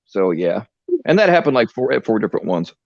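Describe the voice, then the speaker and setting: A man's voice: fairly low pitch, sing-song, a little fast, vocal fry, dry recording. A man rants through a crude story, swearing constantly and rambling in his everyday tone. The sound is dull and lo-fi, a dry stream recording. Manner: profane, rambling rant.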